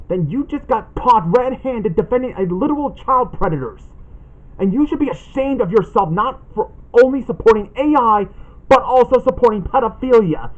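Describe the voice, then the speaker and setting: An indignant man hosts a ranting callout vlog and reads posts aloud in an accusatory tone. His voice is high and swings widely in pitch. The recording sounds dull and lo-fi. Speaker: channel host making a callout video.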